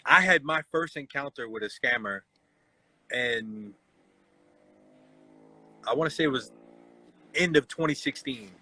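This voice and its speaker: Bright-voiced man in his forties. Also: mid-range voice, lively intonation, a little slow, pauses often, no room sound, poor audio. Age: 40s. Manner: storytelling, acts out quoted voices. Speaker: host. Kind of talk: casual live chat.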